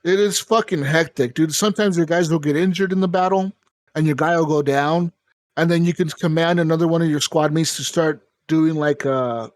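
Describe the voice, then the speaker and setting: A man's voice: fairly high pitch, normal speed, no room sound. A man hosting a podcast, describing a video game in a rambling, profane casual chat. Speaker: podcast host.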